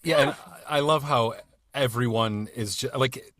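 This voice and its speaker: A man's voice: mid-range voice, normal speed, a bit bright, no echo. A man chatting eagerly on a podcast, rambling and apologizing. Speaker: podcast cast member. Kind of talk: casual podcast chat.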